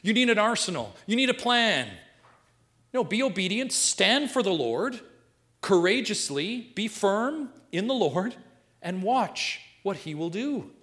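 A male pastor preaching a sermon, reading scripture and swinging from hushed, intimate remarks to emphatic, repeated declarations. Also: sits high, big pitch swings, a little slow.

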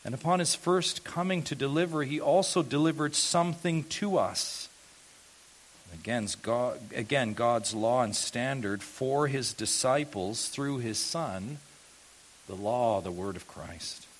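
A male pastor preaching an expository sermon who asks the congregation rhetorical questions, rising loud on key points and then dropping low and soft. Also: measured pace.

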